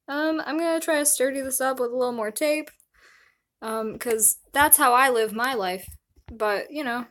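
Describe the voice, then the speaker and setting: A woman's voice: sits high, moderate pace, fairly bright tone. A young woman chatting casually on a live stream, rambling and self-deprecating.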